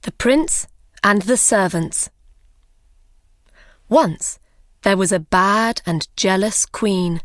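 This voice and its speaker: A woman narrating a simple fairy tale for English learners, with careful, clearly phrased reading. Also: mid-range voice, dry recording, clean studio sound.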